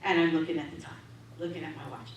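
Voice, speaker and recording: A woman minister telling a story in her sermon, lively and laughing often as she acts out what people said. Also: low-pitched, quick pace. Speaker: minister giving a talk. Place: large hall of a spiritual center. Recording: echoey hall, distant mic, faint hum.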